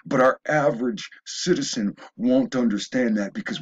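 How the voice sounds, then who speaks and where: Man, rambling opinion monologue, husky voice, stumbling restarts, dull lo-fi sound. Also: on the low side, a little slow. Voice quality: stumbling restarts, emphatic rising bursts. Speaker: video blogger.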